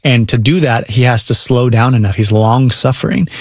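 A man speaking earnestly about parenting and faith in a relaxed conversation. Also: medium pitch, moderate pace, no room sound, clean studio sound. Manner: earnest, speaks of God and discipleship.

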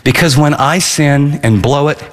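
Emphatic high-voiced male preacher. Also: moderate pace, big-room sound. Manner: emphatic, conversational preaching with acted-out asides. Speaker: pastor. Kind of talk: radio sermon.

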